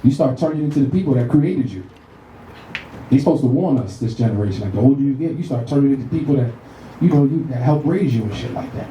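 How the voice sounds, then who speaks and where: A man in his thirties doing a profane, animated stand-up set in a comedy club, acting out voices as he tells stories. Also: medium pitch, quick pace, a little hiss or hum. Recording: roomy club sound from a distant mic.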